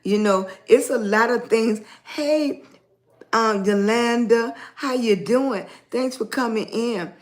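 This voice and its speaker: A hoarse, raspy-voiced woman hosting a casual livestream, greeting chat viewers by name as she chats. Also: a little high, slow. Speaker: livestream host.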